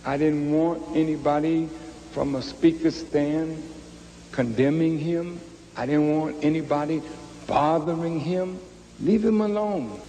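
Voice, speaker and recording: A man who leads ministers, recounting events in a measured, reflective speech. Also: a little high, flat delivery, dark tone. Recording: long hall reverb.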